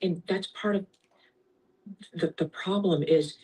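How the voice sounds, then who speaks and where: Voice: mid-range voice, steady tone, takes it slowly, darkish tone, slightly rough, distant mic, rough recording. A workshop participant speaking hesitantly in casual conversation, searching for words.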